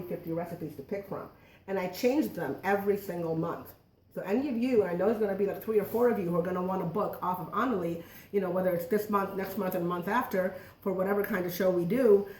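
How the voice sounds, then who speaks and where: A woman's voice: lowish voice, a little mellow, far from the mic, slight background noise. Joking woman demonstrating cooking from afar. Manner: joking, self-deprecating, chatty. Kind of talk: live cooking demo patter. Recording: echoey room, voice from afar.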